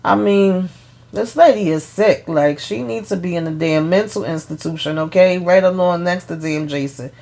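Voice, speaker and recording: A woman giving a casual TV episode recap, retelling scenes in an animated way with blunt opinions and mild cursing. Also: lowish voice, moderate pace. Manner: animated retelling, acts out characters' lines. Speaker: show recap host.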